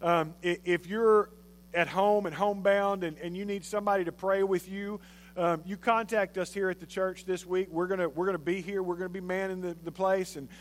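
A male pastor giving a sermon, telling a story in an animated, conversational way. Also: high-pitched, a little fast.

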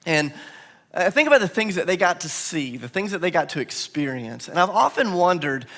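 A man's voice: high-pitched, brisk. A man, preaching a sermon to his church and telling stories with acted quotes. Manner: animated storytelling with acted quotes. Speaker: pastor. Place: large church hall. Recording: long hall reverb.

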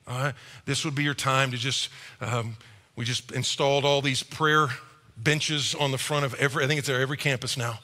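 A middle-aged male pastor preaching a sermon in a church, animated and acting out quick quoted voices. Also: mid-range voice. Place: church auditorium. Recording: reverberant church hall.

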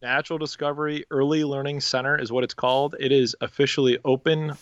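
A man's voice: mid-range voice, level tone, fast talker, a bit bright, dry recording, highs cut off. A man co-hosting a church podcast in casual, upbeat chat, recorded on a home studio microphone over a video call. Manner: upbeat, plugs church events. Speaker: podcast co-host.

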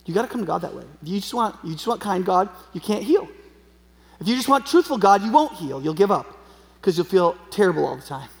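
Guy preaching, chatty, keeps saying right? okay?, high gravelly voice. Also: sing-song, fairly quick. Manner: conversational, frequent tag questions. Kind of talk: sermon. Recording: long hall reverb.

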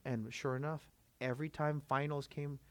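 A man's voice: on the high side, fairly even intonation, normal speed, fairly bright tone, dry recording. A man of Filipino background preaching a sermon, emphatic and full of rhetorical questions to the congregation. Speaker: pastor.

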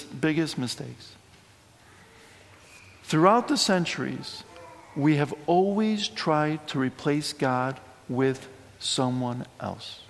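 Guy preaching sunday sermon, chatty and animated, lots of asides, echoey church. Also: on the high side. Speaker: priest.

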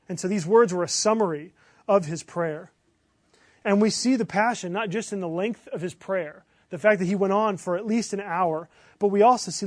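A man preaching a sermon as pastor, earnest, building to emphatic bursts and then dropping low. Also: a little mellow, no echo, studio quality.

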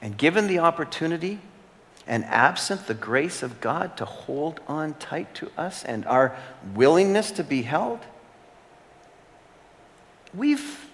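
A man preaching a sermon as a pastor. He speaks earnestly, repeats key phrases and holds long dramatic pauses. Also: on the high side, very animated, fairly bright tone. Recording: long hall reverb.

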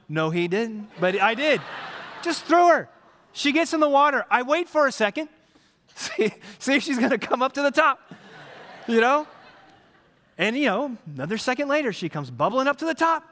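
In the long reverb of a large hall, a male pastor in his thirties tells a family story with animation, then builds to emphatic preaching. His voice is extremely high-pitched, bright, and forceful.

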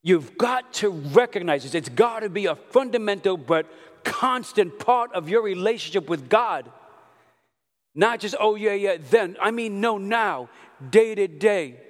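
A man preaching a sermon, animated, telling stories and breaking into loud outbursts. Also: high-pitched, a little slow. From Brooklyn, New York. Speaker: pastor. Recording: long hall reverb.

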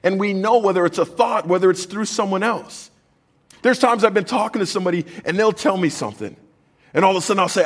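A man's voice: sits high, very animated, quick pace, breathy edge. A man preaching a sermon as pastor, conversational and jokey, reading scripture aloud to the congregation.

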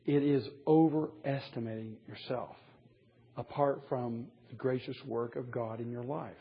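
Husky-voiced man preaching a sermon. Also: mid-range voice, unhurried. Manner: emphatic, wry asides, chuckles at his own points. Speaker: preacher leading a men's Bible study. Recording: dull lo-fi recording.

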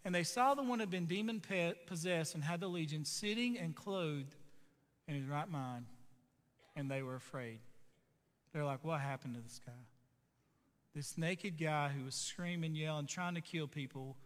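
A man's voice: a little high, moderate pace, long reverb tail. A man preaching a sermon in a casual, joking way, often putting questions to the listeners. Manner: conversational, jokey, asks the audience questions. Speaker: pastor.

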